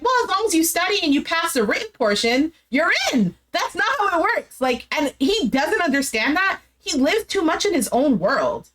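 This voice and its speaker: A woman's voice: sits high, fairly bright tone. A woman giving a casual, opinionated recap of a dating show, talking animatedly and filling her speech with "like". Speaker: recap host.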